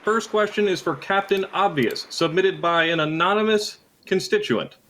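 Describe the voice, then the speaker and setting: High-voiced formal male moderator. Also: moderate pace, a bit bright. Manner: formal, announcer-like. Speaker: debate moderator. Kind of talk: mock political debate on voice chat.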